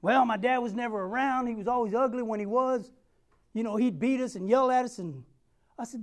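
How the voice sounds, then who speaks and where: A man's voice: very high voice, a little fast. Earnest middle-aged male preacher. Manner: earnest and emphatic, repeats phrases, calls out to the congregation. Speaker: pastor. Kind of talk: sermon.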